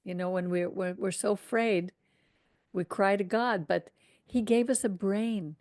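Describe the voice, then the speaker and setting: A woman reading scripture aloud and pausing for reflective, conversational commentary as a Torah teacher. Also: mid-range voice, a little mellow.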